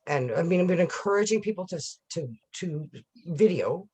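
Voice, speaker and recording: A man's voice: high voice, animated, moderate pace, a little mellow, breathy edge. A man hosting a casual video call interview, talking enthusiastically and rambling, with frequent restarts. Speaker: interview host.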